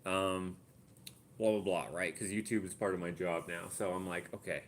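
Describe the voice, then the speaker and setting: Man, canadian accent, low voice, casual live-stream chat, mutters as he works things out. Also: fairly even intonation, moderate pace, slight background noise. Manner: thinks aloud, muttering while searching and calculating. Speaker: artist hosting a live Q&A. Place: home art studio.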